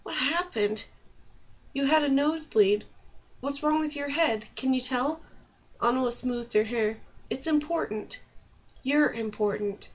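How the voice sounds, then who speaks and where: A woman's voice: high-pitched, unhurried. A woman reading a novel chapter aloud as an audiobook, lifting her voice for the characters' emotional lines. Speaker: audiobook reader. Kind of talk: scripted narration.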